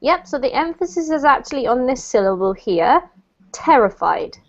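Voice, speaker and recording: A woman's voice: sits high, expressive, brisk, highs cut off. A woman teaching an English lesson, patiently explaining meanings and word stress to her students. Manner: patient, explains pronunciation step by step. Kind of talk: online language lesson.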